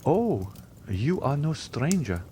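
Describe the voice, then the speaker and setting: A man voicing an effusive middle-aged society baroness in an audiobook, raising his pitch. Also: sing-song, slow pace, dark tone, a little hiss or hum.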